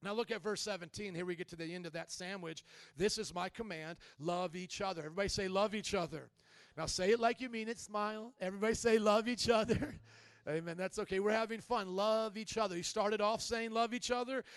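A male pastor preaching a sermon in a lively way, leading the congregation in call-and-response. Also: high-pitched, fast, dry recording.

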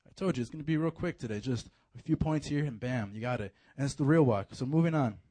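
A man preaching a casual, animated sermon to a youth group, full of slang and fillers. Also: a little high. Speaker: youth pastor.

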